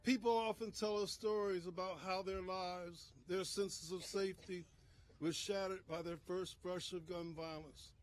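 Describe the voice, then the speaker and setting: A man with a notably high voice speaks as a minister at an outdoor press conference. His delivery is impassioned, swinging between near-shouts and quiet, heavy phrases. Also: fairly even intonation, a little slow. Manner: impassioned, rising to shouts and dropping low. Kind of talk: emotional speech at a press conference.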